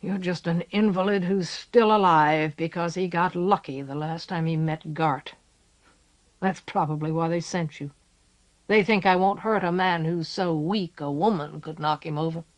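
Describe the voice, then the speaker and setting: Woman reader doing a snarling, vicious old castellan, rasping voice, bitter and foul-mouthed for a storybook. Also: lowish voice, normal speed, natural voice. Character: filthy, grieving, vicious older male castellan.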